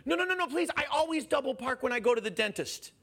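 A man's voice: extremely high pitch, animated, quick pace, creaky, fairly bright tone, pitched above the performer's own voice, heavily acted. A man playing a frantic male driver who pleads with a police officer and stammers. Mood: pleading.

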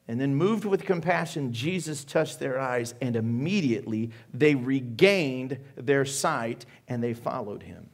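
A man preaching a sermon as pastor, animated and joking, asking the congregation questions. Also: mid-range voice, measured pace, vocal fry.

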